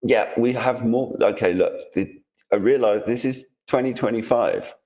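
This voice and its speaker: A man's voice: mid-range voice, a little slow, a little mellow. A man co-hosting a casual podcast, making dry, sardonic remarks and reading news posts aloud. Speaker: podcast co-host.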